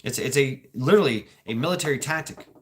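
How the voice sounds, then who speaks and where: A man hosts his own stream and talks off the cuff. His delivery is halting and rambling, with restarts, swearing and laughs as he answers chat. His pitch sits in an ordinary middle range. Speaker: livestream host reading chat. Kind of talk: casual talk, reacting to chat.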